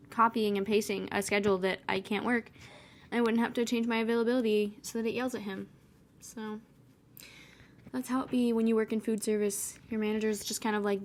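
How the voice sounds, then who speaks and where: A woman in her twenties rambling casually through a painting vlog voice-over, chatty and wry, with sarcastic asides. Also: medium pitch. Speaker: vlogger.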